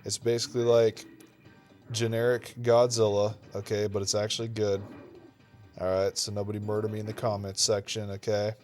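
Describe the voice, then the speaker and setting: With faint music behind him, a man on a retro gaming channel offers laid-back, rambling gameplay commentary at normal speed. His voice is lowish and darkish, his delivery flat, and he keeps saying "dude" and "okay."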